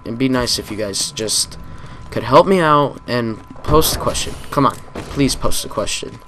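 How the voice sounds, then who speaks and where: A man's voice: mid-range voice, normal speed, bright, forceful tone, a little hiss or hum. A man hosting a gaming channel, giving live commentary on a shooter match in a frustrated, ranting manner full of swearing. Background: game gunfire.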